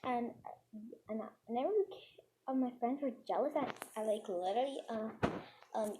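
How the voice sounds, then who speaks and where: A woman's voice: on the high side, moderate pace. A young female voice telling a casual story in a rambling way, with many fillers and restarts. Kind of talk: casual storytime while gaming. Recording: noisy home recording with clicks.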